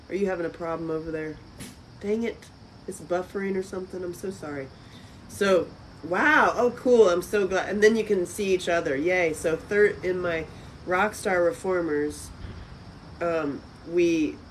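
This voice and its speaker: A woman hosting a live stream from a friend's house, chatting casually with viewers, with loud exclamations and soft asides. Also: low voice, slight background noise, low-quality recording.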